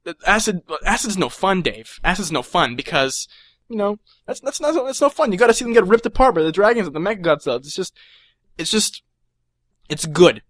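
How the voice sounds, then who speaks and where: A young man tells a rambling comic rant about being a supervillain, excitably stammering and acting out little voices. He speaks briskly in a high-pitched voice, with no room sound.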